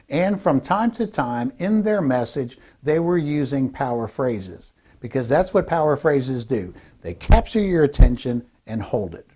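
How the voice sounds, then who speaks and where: A man giving a direct-to-camera lesson as a speaking coach, emphatic and deliberate, slowing down to stress key phrases. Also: mid-range voice, mellow. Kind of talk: direct-to-camera instructional talk.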